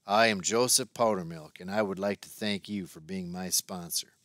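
A man voicing a huge, gentle heavyweight boxer who speaks slowly with a deep, rumbling voice. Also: dry recording, clean studio sound. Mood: formal. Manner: slow, quiet, rumbling.

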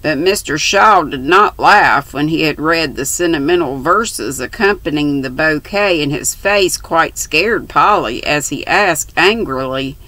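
A woman in her sixties reading a classic novel aloud, with a steady storytelling voice that lifts in pitch for the girls' dialogue. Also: unhurried, hardly any pauses, no room sound, low-quality recording. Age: 60s. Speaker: audiobook reader.

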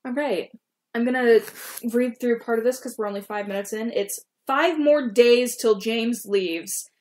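A woman's voice: fairly high pitch, unhurried, a little mellow. A young woman reading her old fan fiction aloud, breaking off to laugh and make self-mocking comments. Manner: giggly, self-mocking asides. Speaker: YouTuber.

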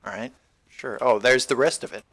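A man commentating his own gameplay in a loose, rambling way, tossing out jokes and swear words as he goes. His voice sits at an ordinary middle pitch for a man, neither deep nor high. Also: brisk, fairly bright tone. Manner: rambling, profane, wisecracking. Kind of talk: casual let's-play commentary.

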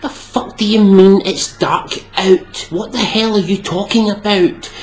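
A man's voice: high-pitched, a little slow, hardly any pauses. A man with a Scottish accent ranting sarcastically to camera, exasperated and full of swearing. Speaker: vlogger. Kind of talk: comedic rant to camera.

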